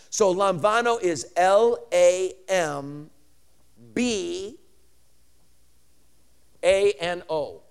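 High-voiced preacher who builds to shouts. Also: male voice. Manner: spells out and repeats words slowly. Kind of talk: sermon teaching.

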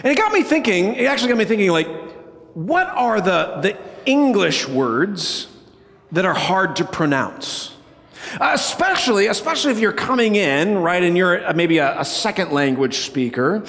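A man's voice: high-pitched, big pitch swings, moderate pace, fairly bright tone, long reverb tail. A man preaching a sermon as a pastor, playful and conversational, who often checks in with "right?".

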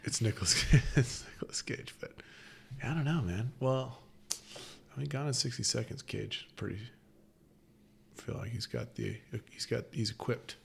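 A man in his thirties, a firefighter-paramedic guest, chatting casually and excitably, often repeating words as he starts a thought. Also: medium pitch, moderate pace, gravelly. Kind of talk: casual chat.

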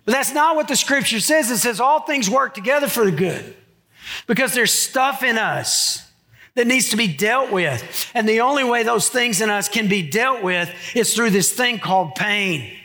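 A man's voice: extremely high pitch, expressive, moderate pace, sharp tone. A middle-aged man preaching a sermon in a church, conversational, with joking asides to the congregation. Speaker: pastor. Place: church sanctuary.

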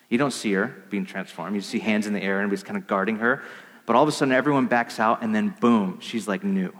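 A male pastor giving a sermon, telling a story in an earnest, reflective way that drops softly at the emotional moments. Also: mid-range voice, in a large hall.

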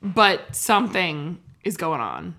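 A woman co-hosting a podcast with a bright, crisp voice. She chats and thinks out loud, quick to laugh. It is relaxed, casual banter. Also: lowish voice. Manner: chatty, reflective, laughs easily. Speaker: podcast co-host.

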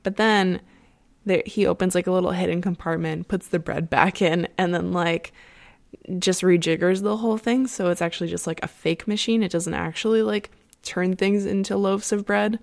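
Rambling young woman with vocal fry. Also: fairly low pitch, fairly even intonation, moderate pace. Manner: rambling, many fillers and "like"s, laughs often. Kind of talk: casual chat, retelling an opera plot.

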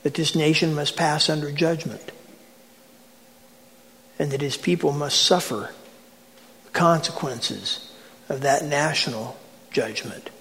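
High-voiced male preacher in an echoing hall. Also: slow pace, pauses often, fairly bright tone. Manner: questioning, dramatic retelling. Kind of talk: sermon. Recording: long hall reverb.

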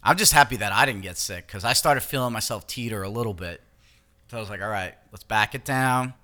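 A man's voice: fairly low pitch, brisk, sharp tone. A man co-hosting a podcast, talking in crude, laughing banter among friends. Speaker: podcast co-host. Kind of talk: casual chat.

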